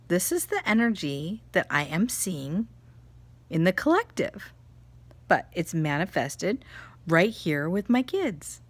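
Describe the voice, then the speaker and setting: Brief: a mother vlogging slowly and warmly animated, in a dry room. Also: lowish voice, no room sound. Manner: animated storytelling, laughs often. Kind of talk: casual chat, spiritual reflection.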